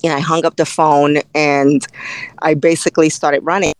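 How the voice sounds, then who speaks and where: A woman telling a long race story in a podcast interview, animated and full of fillers, acting out what people said to her. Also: low-pitched, normal speed, clear, resonant tone, no echo, rough recording. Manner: animated, tells the story through quoted dialogue with many fillers. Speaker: race director and ultrarunner guest.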